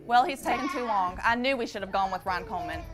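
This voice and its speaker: An actress playing a frustrated wife in a radio ad who complains that their agent is too slow. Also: female voice, medium pitch, close to an everyday voice. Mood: impatient. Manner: impatient, complaining. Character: frustrated wife waiting to find a home.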